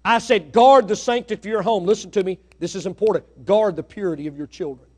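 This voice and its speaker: A middle-aged man preaching a sermon in church, swinging from hushed asides to loud, rising exhortation. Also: high voice, fast talker, husky. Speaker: pastor. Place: church sanctuary.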